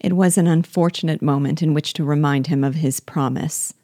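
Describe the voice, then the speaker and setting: Low-voiced woman reading a classic novel slowly. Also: fairly even intonation, mellow, no room sound, clean studio sound. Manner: slow, measured reading. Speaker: reader and teacher.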